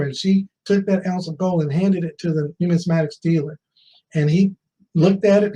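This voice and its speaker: A man's voice: sits high, warm tone, low-quality recording. A man in his fifties speaking at a conference, telling a personal story, asking the audience questions and repeating key phrases for emphasis. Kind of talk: motivational storytelling speech.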